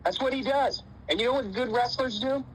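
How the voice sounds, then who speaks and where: A man with a fairly high voice talks to his wrestlers like a laid-back coach. He tells a fable in a loose, slangy way, with dude and man thrown in, and stops to quiz the boys. A little noise sits faintly behind him. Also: fairly quick, poor audio. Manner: folksy, uses dude and man, voices characters casually. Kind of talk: motivational storytelling talk.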